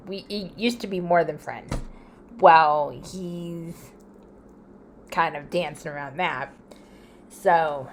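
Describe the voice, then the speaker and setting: Woman vlogger, casual storyteller, lower voice that swings widely, faint room hum. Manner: chatty, laughs often, animated quoting of others.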